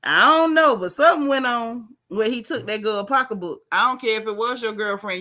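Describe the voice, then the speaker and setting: Woman, sassy animated chat, bright sharp voice, high-ish. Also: brisk. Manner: animated, sassy, reads chat aloud with jokes and put-on voices. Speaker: host reading live chat. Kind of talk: casual chat.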